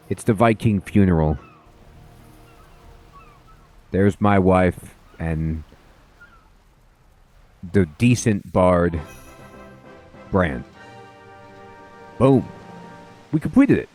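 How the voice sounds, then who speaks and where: A man with a low voice talks through his game session in a loose, chatty way. He thanks viewers in quick, bright bursts. Faint music plays under his voice. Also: very animated. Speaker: gaming host. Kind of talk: casual let's play commentary.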